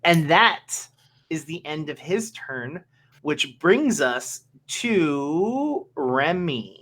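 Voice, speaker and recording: A man running a tabletop game as game master, tallying dice aloud in a measured way. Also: fairly high pitch, sing-song, a bit bright.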